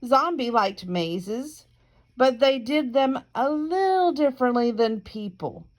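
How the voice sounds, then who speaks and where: A woman reading as a gentle zombie girl. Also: sits high, animated, slow. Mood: apologetic. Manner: gentle, apologetic.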